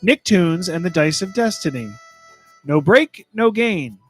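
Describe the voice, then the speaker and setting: Podcast co-host, male, high voice, reads lists and cracks jokes, trips over names. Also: expressive, unhurried, soft background music. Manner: joking, stumbles over game titles. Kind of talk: casual podcast chat.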